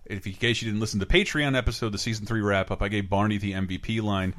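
A man's voice: lowish voice, fairly even intonation, quick pace, fairly bright tone. A man co-hosting a podcast, chatting casually with enthusiasm and frequent laughter. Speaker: podcast co-host. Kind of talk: casual chat.

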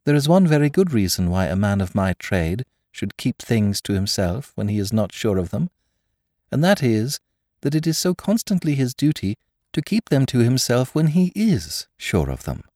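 A man voicing a cheerful small priest-detective in a dramatized story reading, speaking gently with quiet amusement. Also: mid-range voice, lively intonation, moderate pace, dry recording, clean studio sound, pitched above the performer's own voice, close to an everyday voice. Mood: mild, amused. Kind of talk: audiobook character voice.

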